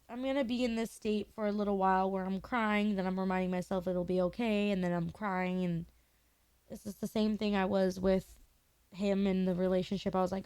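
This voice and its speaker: A woman's voice: mid-range voice, fairly even intonation, fairly quick, darkish tone, clear, resonant tone, dry recording. A young woman streamer in her twenties chatting candidly and emotionally with her viewers, swearing casually.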